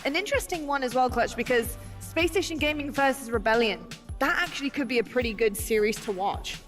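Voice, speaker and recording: A woman with a fairly high voice hosts a live esports broadcast and runs through bracket updates in an upbeat, brisk way. Faint music plays underneath her. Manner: animated, laughing, then brisk bracket rundown. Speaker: esports broadcast desk host.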